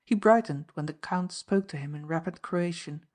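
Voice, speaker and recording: This is a woman's audiobook narration, read from a script at a steady, measured pace, in a voice on the lower side.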